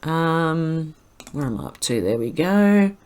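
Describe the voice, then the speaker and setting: A woman's voice: low voice, lively intonation, darkish tone, clear, resonant tone. A woman with an Australian accent, hosting her channel and reading out posts in casual, rambling commentary full of fillers and restarts. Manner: rambling, halting, with many fillers.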